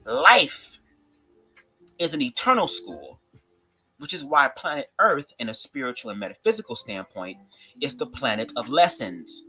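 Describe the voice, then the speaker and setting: Sassy Detroit man with swooping, lively pitch. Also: unhurried, low-quality recording. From Detroit, USA. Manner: sassy, emphatic, swears freely, swoops up when riled. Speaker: commentary vlogger. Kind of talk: opinionated reaction commentary.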